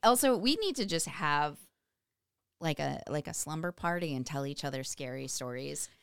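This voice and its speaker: A woman's voice: sits low, expressive, moderate pace, creaky, a bit bright, clear, resonant tone, dry recording, clean studio sound. A woman co-hosting a casual podcast, chatty and laughing often, with many fillers. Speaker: podcast co-host. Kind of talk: casual chat.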